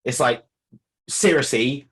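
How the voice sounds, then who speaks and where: A man, a podcast guest in casual chat, talking in a wry, rushed way and tripping over his words. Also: mid-range voice, fairly bright tone.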